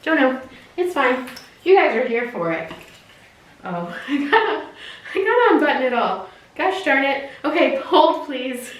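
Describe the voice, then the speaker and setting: Woman, casual haul chat, giggly, high voice, far from mic, echoey room. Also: big pitch swings, measured pace, long pauses. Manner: chatty, giggly, lots of fillers. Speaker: fashion unboxing vlogger.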